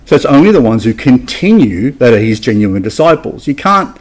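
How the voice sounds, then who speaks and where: A man's voice: mid-range voice, sing-song, fairly quick. A man preaching a sermon in a church, emphatic and asking his congregation rhetorical questions. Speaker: pastor.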